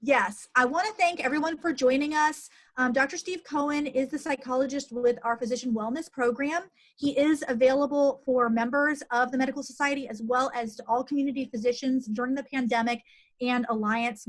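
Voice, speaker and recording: A middle-aged woman, a physician, hosting a conversational interview in an earnest tone with plenty of fillers. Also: high-pitched. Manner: earnest, uses many fillers. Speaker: physician host.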